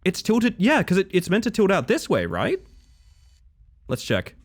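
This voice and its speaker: Animated male streamer, lively pitch. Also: measured pace. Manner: animated, swears freely, chats with viewers. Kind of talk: live gameplay commentary.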